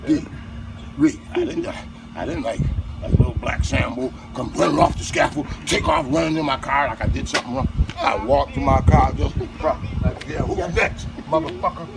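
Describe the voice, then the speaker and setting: A man telling a profane, animated work story to friends, often laughing and shouting. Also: mid-range voice, normal speed, creaky, heavy background noise. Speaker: bricklayer telling work stories. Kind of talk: casual storytelling among friends. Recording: loud music behind.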